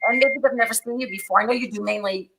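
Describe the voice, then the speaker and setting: A woman host with a bright, forceful, fairly high voice leads a casual interview. She gushes over her guest and piles up questions, restarting sentences as she goes. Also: fairly even intonation, slight background noise. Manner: effusive, rapid questions with restarts. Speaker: talk show host.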